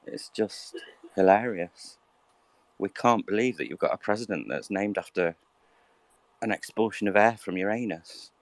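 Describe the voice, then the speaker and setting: A man's voice: on the low side, moderate pace, no echo. A man with a British accent chatting casually, joking in a wry way and rambling through fillers. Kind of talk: casual chat.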